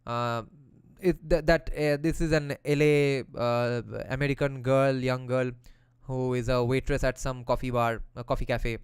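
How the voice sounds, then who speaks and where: A man's voice: medium pitch, steady tone, a little slow, clean tone, no room sound. A man who reads passages from a philosophy text aloud and explains them in a casual way, using slang and the odd swear word.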